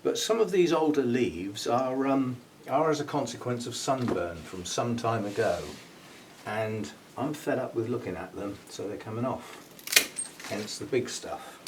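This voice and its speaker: A mid-range male voice, unhurried and recorded from a distance, belongs to an orchid grower hosting his own channel. He chats casually through a hands-on job, musing aloud and chuckling at himself, with faint background noise as he speaks away from the mic.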